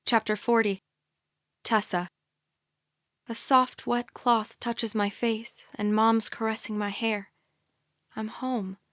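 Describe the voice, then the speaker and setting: A woman narrating a young adult thriller audiobook in a quiet, measured first-person reading. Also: a little high, little pitch movement, no echo, studio quality. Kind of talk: scripted narration.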